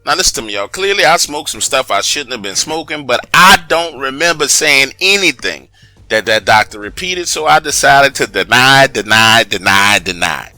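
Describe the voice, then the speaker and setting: Man, comic storyteller, animated, profane, emphatic, lively pitch, dry close sound. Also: moderate pace, no room sound, faint music behind. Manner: animated, profane, emphatic, addresses listeners directly. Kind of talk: comedic first-person storytelling.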